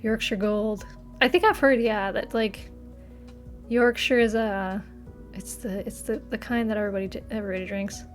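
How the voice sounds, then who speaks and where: A woman's voice: mid-range voice, steady tone, moderate pace, faint music behind. A young woman streamer in casual chat, reading viewers' messages aloud and laughing often. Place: home streaming setup.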